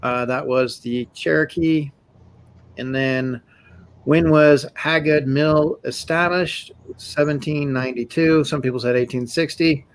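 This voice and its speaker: A man's voice: on the high side, steady tone, unhurried. Chatty man hosting a live quiz recap. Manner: rambling, lots of fillers, reading quiz answers. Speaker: show host. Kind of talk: casual live-stream chat.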